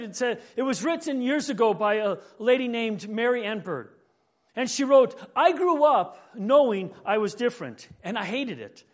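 A man preaching a sermon in an earnest way, often repeating words as he gathers his thoughts. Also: very high voice. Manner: earnest, building and falling in emphasis; repeats words when thinking.

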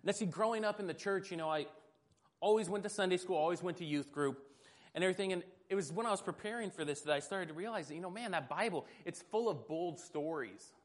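Male preacher, fairly high voice, casual storytelling sermon, self-deprecating. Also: quick pace.

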